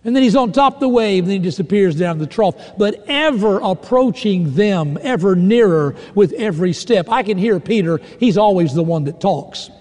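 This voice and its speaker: Man preaching, dramatic storyteller, high mellow voice, long hall reverb. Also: expressive, normal speed, few pauses. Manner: dramatic storytelling, swelling and dropping to hushed lines. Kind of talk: sermon.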